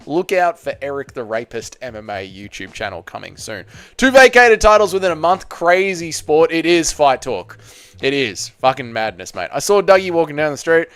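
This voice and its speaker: A man's voice: on the high side, big pitch swings, moderate pace, a bit bright, clear, resonant tone, dry recording. Crude Australian man reading live chat. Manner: reads viewer chat aloud, crude banter. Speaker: channel host.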